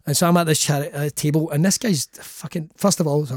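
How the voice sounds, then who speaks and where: Animated Scottish man telling stories. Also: fairly high pitch, brisk, few pauses, no room sound, clean studio sound. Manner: swearing, animated storyteller acting out quotes. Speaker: guest comedian. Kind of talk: casual podcast chat.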